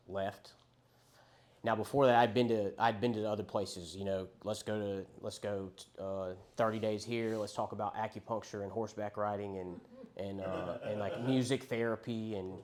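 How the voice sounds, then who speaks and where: A man's voice: lowish voice, a little mellow, a little hiss or hum. A young man telling his recovery story in a frank, rambling, profane way, quoting the people he met. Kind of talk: candid recovery testimony.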